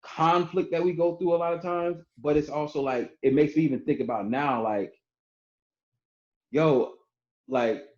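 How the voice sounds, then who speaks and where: A man's voice: on the high side, steady tone, moderate pace, long pauses. A man guest on a podcast, talking loosely about his marriage with plenty of fillers and restarts. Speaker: guest, barber and entrepreneur. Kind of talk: casual podcast conversation. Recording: roomy, slightly dull podcast audio.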